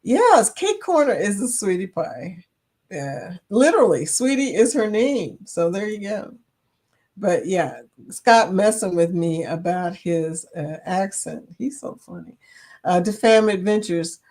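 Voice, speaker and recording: A woman's voice: mid-range voice, very animated, unhurried, a little mellow. A woman hosting a live stream, chatting casually with viewers and laughing often as she reads their comments. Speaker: livestream host.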